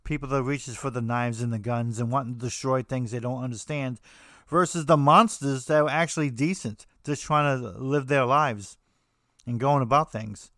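American man, podcast host, mid-pitched voice, rambling, stumbling restarts, dry close sound. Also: fairly even intonation, moderate pace, a bit bright, no room sound. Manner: rambling, frequent restarts and fillers. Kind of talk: casual monologue on horror films.

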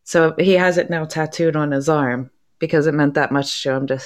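A woman's voice: sits low, fairly even intonation, moderate pace. A woman on a paranormal call-in show, speaking earnestly and encouraging others to believe in spirit messages. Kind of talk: casual call-in chat.

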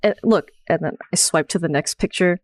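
A woman's voice: fairly low pitch, a little fast, no room sound. A woman co-hosting a casual podcast, telling a story in short, loose fragments. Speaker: podcast co-host. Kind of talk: casual roundtable podcast chat.

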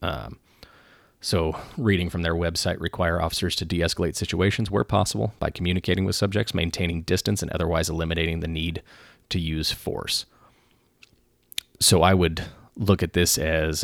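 A man who works as a police officer, talking through policy in a measured way with frequent pauses and restarts. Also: low-pitched, gravelly, no echo, studio quality. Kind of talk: casual commentary.

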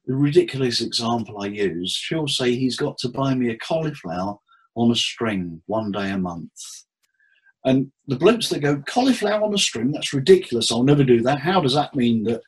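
A husky, slightly breathy man speaks at an ordinary middle pitch. He talks through his cases like stories, taking on the voices of the people in them and jumping up in pitch when he does. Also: low-quality recording. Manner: animated storyteller acting out client dialogue. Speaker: therapist guest. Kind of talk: casual interview chat.

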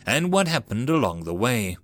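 Man doing a calm, commanding captain. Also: mid-range voice, normal speed, no echo. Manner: calm, authoritative.

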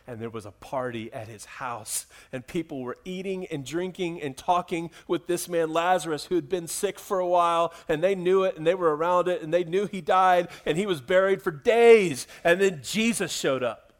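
Man, pastor, high voice, church sermon, swings between quiet pleading and loud storytelling. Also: normal speed, few pauses.

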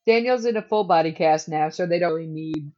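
A deep, slightly mellow voice belongs to an adult woman co-hosting a podcast, talking fairly quickly. She recaps an episode in casual, joking chat with plenty of laughs, heard through a dull lo-fi recording.

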